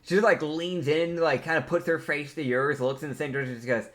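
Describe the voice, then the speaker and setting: A man running a tabletop game, chatting casually and laughing a lot. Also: on the high side. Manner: laughs often, quick and animated. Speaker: game master.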